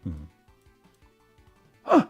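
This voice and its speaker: A man streaming live, chatting casually and excitably, often breaking into laughter and restarting his sentences. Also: extremely slow, lo-fi sound, soft background music.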